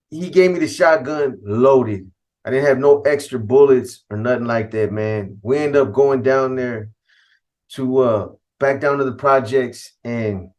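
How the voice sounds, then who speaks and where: A middle-aged man from California tells a story from his past in loose, profane street slang. He acts out the other people's lines as he goes, and his voice sits in an ordinary middle pitch. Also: darkish tone. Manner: street slang, cursing, quotes others in dialogue. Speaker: host telling a personal story. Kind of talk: casual storytelling.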